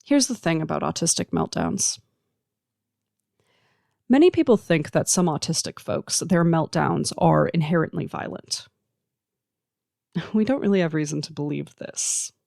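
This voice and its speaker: An adult podcast host speaks in an earnest, reflective monologue, stacking points in slow, deliberate lists. The voice carries a gravelly, fry-edged texture, sitting in a middle register. The sound is dry and close, with no room around it. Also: mid-range voice, big pitch swings, darkish tone, dry recording. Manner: earnest, emphatic, listing points in slow measured runs. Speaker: podcast host who works with teens.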